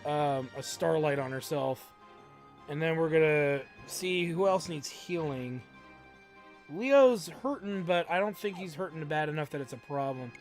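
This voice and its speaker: A woman's voice: deep voice, measured pace, a little mellow. A woman giving casual, wry gameplay commentary as a let's play host. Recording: faint game music behind.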